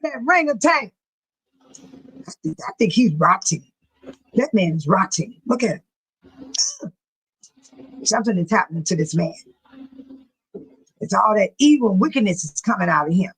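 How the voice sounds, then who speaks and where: A woman's voice: mid-range voice, sing-song, slightly rough, low-quality recording. A middle-aged woman hosting a casual livestream, chatting animatedly with her viewers and reading comments and news aloud. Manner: reads news aloud haltingly.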